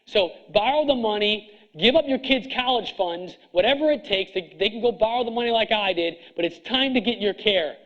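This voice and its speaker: A middle-aged man with a high voice lectures a seminar crowd in a blunt, hard-driving way, stacking up rhetorical questions. The recording is dull and lo-fi. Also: animated, fairly quick. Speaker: chiropractor coaching other chiropractors. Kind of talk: seminar speech to an audience.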